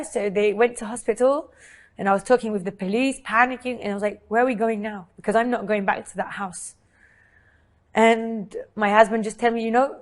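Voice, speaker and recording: Young woman with a French accent. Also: on the high side. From France. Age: 20s. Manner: earnest, tells a long story in short broken sentences. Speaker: interviewee. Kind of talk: emotional personal account.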